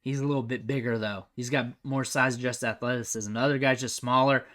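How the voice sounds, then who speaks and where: Bright-voiced man commenting on game film. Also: medium pitch, fairly even intonation, brisk. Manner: chatty, thinks aloud, trails off quietly at sentence ends. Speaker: recruiting analyst host.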